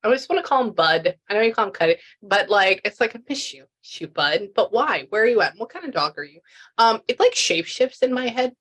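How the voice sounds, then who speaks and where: A woman's voice: on the high side, very animated, fast talker, fairly bright tone. A woman doing a casual reading session as a pet medium, chatty and rambling, full of restarts and fillers.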